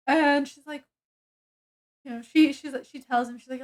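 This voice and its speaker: A woman's voice: high-pitched, steady tone, a little slow. A woman reviewing a book, casually retelling its plot in a rambling way with many fillers and restarts.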